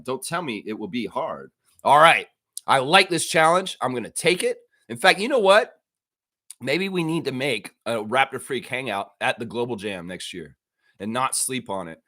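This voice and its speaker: A man hosting a casual daily fan livestream, talking excitedly, swearing and acting out bits of dialogue. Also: mid-range voice.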